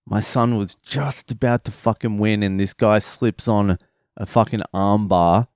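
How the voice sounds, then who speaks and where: A man's voice: on the low side, measured pace, smooth, no room sound, studio quality. A man, a father, telling a family story in a casual, profane, rambling vlog. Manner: profane, rambling, animated retelling.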